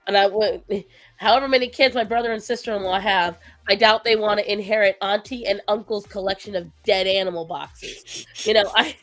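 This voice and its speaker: A woman chatting casually on her livestream. She rambles, sounds tired and low after a long week, and breaks off to talk baby talk to her pets. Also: steady tone, brisk, faint music behind. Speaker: stream host.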